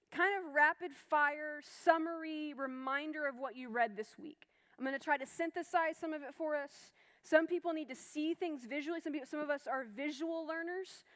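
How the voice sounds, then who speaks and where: A woman's voice: high voice, a bit bright. A woman teaching a Bible study class in a chatty, reassuring way, with many fillers and restarts. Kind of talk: informal class lecture.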